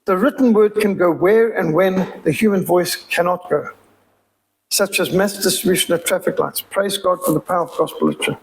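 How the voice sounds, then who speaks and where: A man's voice: high voice, a little fast, creaky, rough recording. A man with a Rhodesian accent giving an emphatic, preacherly sermon-style appeal as a missionary speaker. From Zimbabwe.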